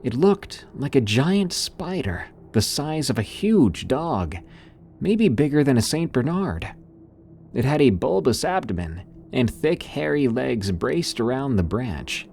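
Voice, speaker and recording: A man's voice: medium pitch, sing-song, takes it slowly, gravelly, a little mellow, slight background noise. A man narrating a first-person horror story in a dramatic, suspenseful storytelling manner.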